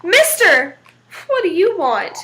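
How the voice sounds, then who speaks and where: A mean, cocky old trickster, as a woman reading aloud plays him, drawling and sly. The voice sits high. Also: sing-song, slow, a bit bright, heavily acted.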